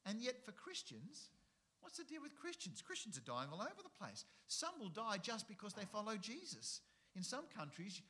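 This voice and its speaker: A middle-aged man preaching with a swinging, expressive pitch and a bright, forceful tone. He repeats key phrases and fires rhetorical questions at his listeners in an animated sermon delivery. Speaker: pastor.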